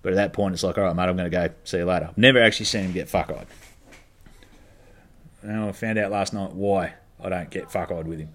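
Australian male stand-up, slightly low voice, profane, exasperated storytelling monologue. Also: fast talker, fairly bright tone. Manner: blunt, heavily profane, exasperated ranting. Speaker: stand-up comedian.

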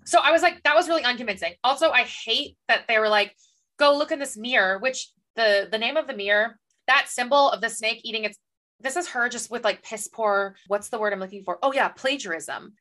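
Bright, sarcastic woman podcaster. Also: a little high, fairly quick. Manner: sarcastic, swears, mocks characters in put-on quotes. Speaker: podcast co-host. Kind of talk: casual book-recap chat.

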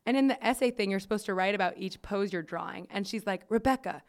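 Woman podcast host, smooth clear voice, casual storytelling, chatty and profane. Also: a little high, expressive, brisk. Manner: chatty, swears freely, many "like" fillers.

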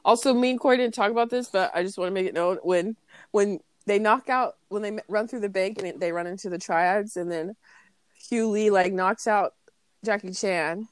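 A woman's voice: mid-range voice, moderate pace, clear, resonant tone, dry recording. A young woman co-hosting a podcast, retelling movie scenes with lots of laughter and swearing. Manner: laughing, animated quote retelling with heavy swearing. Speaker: podcast co-host. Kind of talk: casual chat.

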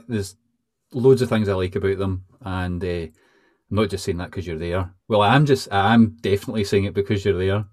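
Low-voiced hesitant male host. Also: darkish tone, no echo, studio quality. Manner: hesitant, rambling, many restarts. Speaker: podcast host. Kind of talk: casual interview chat.

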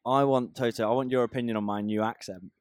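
A man's voice: medium pitch, fairly even intonation, fast, clear, resonant tone, no room sound, studio quality. A young man in his twenties co-hosting a casual podcast, chatty and jokey, laughing often. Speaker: podcast co-host.

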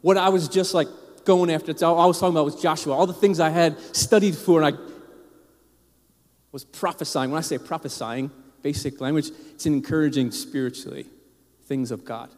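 A man's voice: a little high, fairly quick, a little mellow, long reverb tail. A man preaching a casual, storytelling sermon to a congregation, with frequent restarts and asides to the listeners. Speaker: pastor. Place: church sanctuary.

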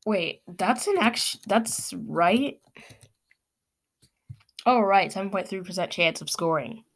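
A woman reading hockey stats aloud in a sarcastic, exasperated rant, her voice worn from yelling. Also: medium pitch, expressive, takes it slowly, slightly rough. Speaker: sports fan commentator.

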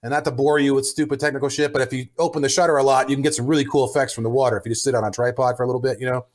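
A man telling a story in a casual podcast chat, swearing freely and acting out his own shouts. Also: medium pitch, fairly even intonation, racing. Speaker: podcast co-host.

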